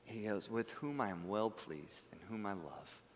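A man preaching a sermon as pastor, earnest, rising to emphatic peaks and then dropping to soft, quiet phrases. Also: lowish voice, lively intonation, measured pace, a little hiss or hum. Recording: long hall reverb.

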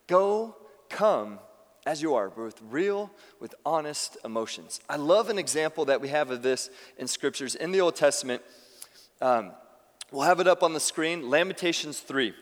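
A man preaching a sermon as pastor, talking conversationally and telling stories with quick restarts. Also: fairly high pitch, in a large hall. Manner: conversational, animated storytelling with restarts. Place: church sanctuary.

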